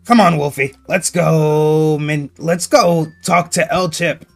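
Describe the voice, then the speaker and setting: A young man hosting a Minecraft roleplay, loud and joking with frequent swearing. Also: fairly high pitch, fairly even intonation, takes it slowly, vocal fry, faint music behind. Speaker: roleplay host.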